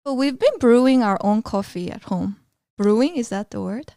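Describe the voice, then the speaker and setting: A woman from Korea co-hosting a podcast, talking quickly and casually with lots of "like" fillers. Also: fairly high pitch, animated, warm tone, dry recording, studio quality. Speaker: podcast co-host. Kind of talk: casual chat.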